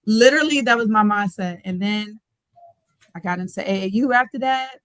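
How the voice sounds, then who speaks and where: A young woman, a basketball coach, telling her story in a casual, colloquial way during an interview, animated and laughing often. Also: mid-range voice, normal speed, no room sound. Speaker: guest, head basketball coach.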